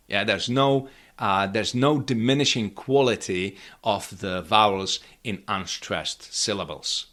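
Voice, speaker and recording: Slow, careful male pronunciation teacher. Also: lowish voice, fairly bright tone. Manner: slow, careful demonstration with repeated example words. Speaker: language teacher. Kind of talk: pronunciation lesson.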